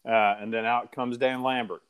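A man's voice: mid-range voice, steady tone, normal speed, fairly bright tone, clean tone. An American man hosting a casual podcast, rambling with restarts and laughing often. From USA. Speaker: podcast host. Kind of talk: casual chat.

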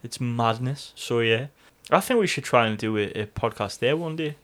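A man's voice: mid-range voice, expressive, moderate pace, a bit bright. A man co-hosting a podcast, chatting in rambling, sweary banter and laughing often. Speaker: podcast co-host. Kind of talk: casual chat.

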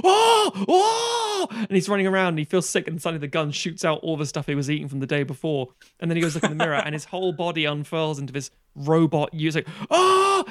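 A man with a slightly raised pitch talks through a film plot in a casual podcast chat. He swears freely and keeps jumping into the characters' voices as he retells it. The sound is close and dry, with no room around it. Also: no echo. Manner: animated, sweary, acts out characters' lines.

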